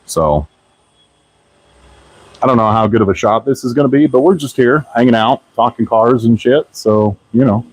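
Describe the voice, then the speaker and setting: A man with a medium-pitched voice, speaking at normal speed with no room sound, hosts a casual live stream from his car restoration garage. While working, he chats loosely with viewers in profanity-heavy shop talk.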